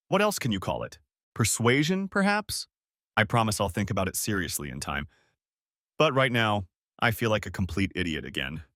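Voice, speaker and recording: A man's voice: lowish voice, fairly bright tone, dry recording, studio quality. A man voicing a bitter, guarded middle-aged husband who speaks curtly and harshly. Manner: curt and harsh.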